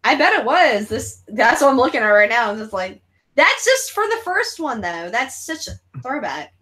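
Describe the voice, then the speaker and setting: A chatty woman hosts a casual movie watch-along, laughing often and swearing freely. Her voice sits a little high and bounces all over the place. She keeps things loose and crude. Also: big pitch swings, moderate pace, pushed and bright. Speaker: channel host.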